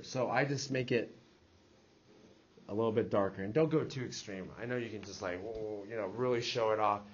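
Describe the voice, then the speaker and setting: A man's voice: mid-range voice, lo-fi sound, a little hiss or hum. A man teaching a math class, leading with questions and checking in with his students. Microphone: classroom recording device.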